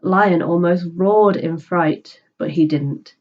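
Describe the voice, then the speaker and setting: A woman's voice: lowish voice, slow, a little mellow, highs cut off. A woman teacher reading a children's book aloud and patiently explaining it in simple words.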